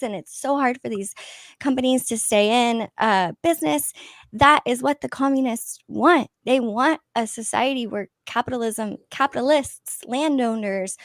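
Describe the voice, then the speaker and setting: A woman's voice: on the high side, no room sound. A woman guest in a casual political talk stream, rambling and hesitant with many ums.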